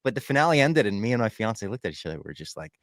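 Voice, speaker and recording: A man's voice: medium pitch, sing-song, racing, no room sound, clean studio sound. A young man co-hosting a podcast in casual chat, animatedly recapping scenes and acting out lines. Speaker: podcast co-host.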